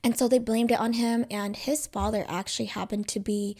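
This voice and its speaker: A woman's voice: a little high, fairly even intonation, brisk, a little mellow. Young female podcast co-host; loose, filler-heavy storyteller. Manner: rambling, heavy use of "like" and "you know". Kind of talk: casual storytelling chat.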